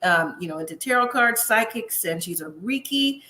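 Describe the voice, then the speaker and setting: A woman's voice: medium pitch, lively intonation, moderate pace, sharp tone. A woman from the US West Coast gives a chatty, sassy recap of a reality show and talks straight to her viewers. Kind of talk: casual recap commentary. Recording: echoey room.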